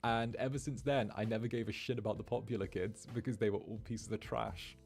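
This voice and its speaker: A man's voice: on the low side, brisk, gravelly. Chatty man telling a story. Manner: animated, chatty, acts out quotes. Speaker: VTuber streamer. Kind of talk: casual storytelling.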